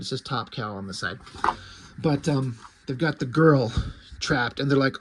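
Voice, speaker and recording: A man's voice: mid-range voice, moderate pace, slight background noise. A man casually retelling a comic book's story for his viewers, rambling and chatty, loosely paraphrasing the characters' dialogue into a camera mic. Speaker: comic book reviewer. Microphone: camera mic while filming the pages.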